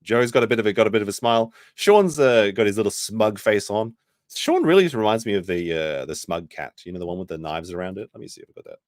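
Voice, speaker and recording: A man's voice: on the low side, lively intonation, quick pace, dry recording, studio quality. A man giving casual live commentary on a stream, rambling and correcting himself as he goes. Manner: rambling, self-correcting, mimics people he quotes.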